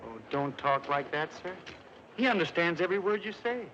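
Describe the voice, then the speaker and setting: An actor playing a meek, gentle man who loves animals, talking softly and humbly politely, in a 1950s film. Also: a little high, expressive, brisk. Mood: gentle coaxing. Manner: soft, coaxing, humbly polite. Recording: dull, hissy 1950s film soundtrack.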